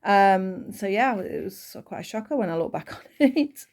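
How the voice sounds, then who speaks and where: A woman's voice: mid-range voice, expressive, moderate pace, darkish tone. A woman with a Northern English accent, chatting casually while teaching a crochet project. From Northern England. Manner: chatty, rambling asides with fillers. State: voice tiring. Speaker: crochet tutor.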